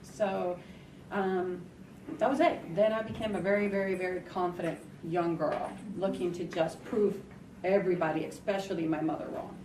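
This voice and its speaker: A woman's voice: fairly low pitch, steady tone, normal speed, darkish tone. A woman from New York City, a panelist, telling a candid personal story at a college event. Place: college hall. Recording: echoey, distant, noisy.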